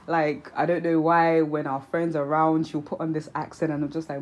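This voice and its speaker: Low, mellow Nigerian-British woman host. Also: little pitch movement, normal speed, hardly any pauses, a little hiss or hum, low-quality recording. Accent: Nigerian with British influence. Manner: earnest, reflective, many ums. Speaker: vlog host. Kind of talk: casual commentary to camera.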